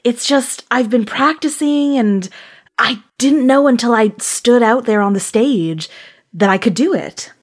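A woman playing a character in a tabletop game, giggly and animated. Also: a little high, a little slow. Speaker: player. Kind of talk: tabletop role-play.

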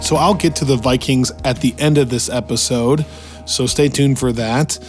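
A man hosting a weekly football podcast, his voice worn out and hoarse, talking in an energetic, opinionated way. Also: mid-range voice, moderate pace, over loud music. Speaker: podcast host. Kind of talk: casual sports talk. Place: hotel room in Las Vegas.

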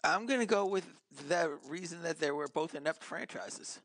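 A man with a fairly high voice chats loosely on a podcast, swearing freely as he rambles through stories. The sound is close and dry, with no room around it. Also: normal speed, fairly bright tone, no echo. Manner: profane, rambling storytelling. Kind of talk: casual chat.

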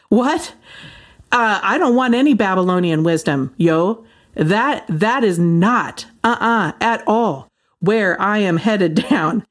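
Brief: incredulous woman at mid pitch, animated and colloquial, in a Christian talk monologue. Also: slow. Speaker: Christian commentator. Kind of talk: casual monologue.

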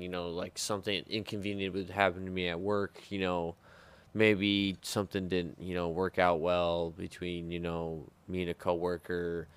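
A man's voice: deep voice, flat delivery, normal speed, clear, resonant tone. A man and former sous chef telling rambling, profane stories in a casual podcast chat. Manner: rambling, profane, heavy filler words.

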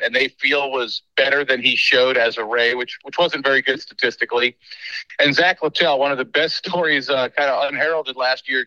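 A man's voice: medium pitch, sharp tone, dry recording, highs cut off. A man speaking as a guest baseball reporter, running through team details casually with many fillers. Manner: knowledgeable, rambling with fillers. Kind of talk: casual interview talk.

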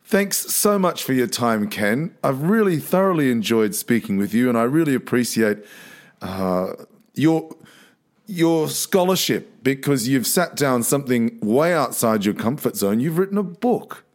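Expressive male podcast host. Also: mid-range voice, unhurried. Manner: warmly appreciative, expressive. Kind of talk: interview hosting.

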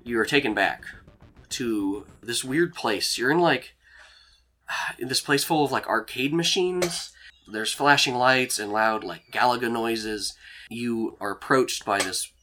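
A man's voice: lowish voice, slight background noise. A man narrating as game master, rambling with lots of fillers. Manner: rambling, filler-heavy, relaxed.

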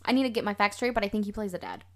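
A woman's voice: mid-range voice, rapid-fire, a little hiss or hum. A woman with a Texan accent, co-hosting a casual film podcast, chatty and full of fillers and slang. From Texas. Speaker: podcast co-host. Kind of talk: casual chat.

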